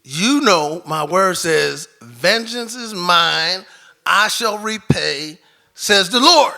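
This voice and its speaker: A man voicing God as a calm, stern inner voice in a live spoken story, slow and measured. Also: high-pitched, vocal fry, soft background music, full character voice. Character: calm stern male God, speaking inwardly.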